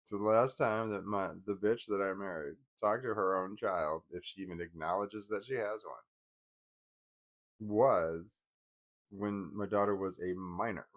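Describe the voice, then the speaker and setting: A man in his forties casually telling personal stories, wry and laughing at first, trailing off into bitter quiet. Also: fairly low pitch, fairly even intonation, unhurried. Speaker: vlogger.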